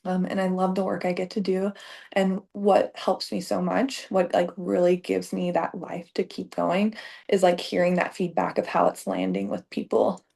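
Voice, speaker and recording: A woman's voice: lowish voice, flat delivery, normal speed, creaky, dark tone. A woman in her thirties, a business coach, talking casually to camera with lots of fillers and heartfelt gushing. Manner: chatty, filler-heavy, emotional and gushing. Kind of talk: casual direct-to-camera talk.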